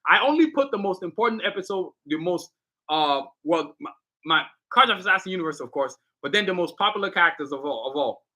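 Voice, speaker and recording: Man, livestream host, slangy motivational talk, high pitch. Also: lively intonation, fairly quick, sharp tone. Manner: hyped, motivational, slangy and direct.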